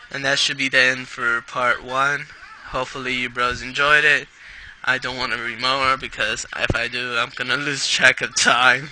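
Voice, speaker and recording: Slow-reading man, put-on British accent. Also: medium pitch, sharp tone, slight background noise, poor audio. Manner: slow, stumbling over words. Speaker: fanfic reader. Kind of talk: amateur story reading.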